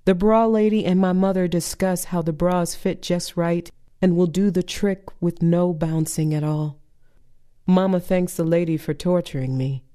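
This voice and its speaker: A woman's voice: low voice, mellow. A woman poet performing a spoken-word poem with a dry, sardonic, rhythmic delivery.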